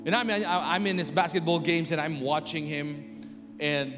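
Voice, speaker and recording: A man's voice: on the high side, measured pace. A middle-aged man, telling a personal story to an audience and acting out the scenes. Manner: animated, acts out scenes and voices. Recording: long reverb with music behind.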